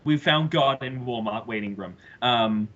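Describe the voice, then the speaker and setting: A man co-hosting a podcast, telling a story in casual chat, excitable and swearing often. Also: mid-range voice, unhurried, slight background noise. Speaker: podcast co-host. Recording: dull lo-fi podcast audio.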